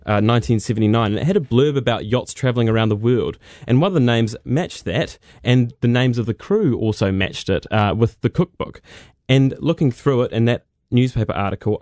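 A man, a radio producer presenting a feature segment in a relaxed, conversational storytelling manner. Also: mid-range voice, no echo, clean studio sound.

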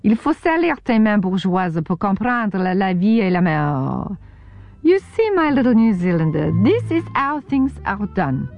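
A woman's voice: mid-range voice, big pitch swings, normal speed, dull audio, faint music behind. A woman putting on a bossy French woman cook. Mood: lecturing. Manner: scolding, theatrical.

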